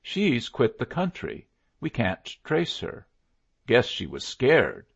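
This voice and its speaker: A man reading an audiobook, voicing a plainspoken adult male Western lawman in a gravelly voice. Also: mid-range voice, wildly swooping pitch, takes it slowly, highs cut off, pitched above the performer's own voice, full character voice. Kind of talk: audiobook character voice.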